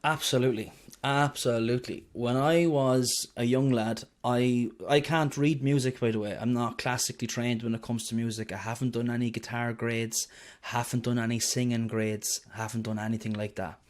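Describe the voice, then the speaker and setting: Irish guy chatting in an interview, rambling storyteller, ordinary middle pitch. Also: little pitch movement, moderate pace. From Ireland. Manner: chatty storyteller, swears and jokes about himself. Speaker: guest singer. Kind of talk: casual interview chat.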